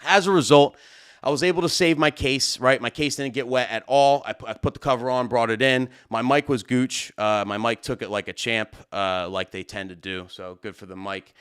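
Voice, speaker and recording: A man hosting a live stream, telling a story in a casual, animated way with lots of fillers. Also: mid-range voice, normal speed, smooth. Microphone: studio mic at a desk.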